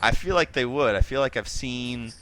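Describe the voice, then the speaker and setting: A man's voice: medium pitch, animated, moderate pace, pushed and bright, a little hiss or hum. A man running a tabletop game as game master, talking casually and loosely with lots of fillers.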